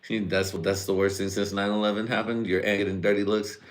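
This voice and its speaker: A man with a very low, deep voice runs a loose, profane comedy monologue on a live stream. He speaks, rambles from one riff to the next, and keeps breaking into mock voices and chuckles. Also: flat delivery, normal speed.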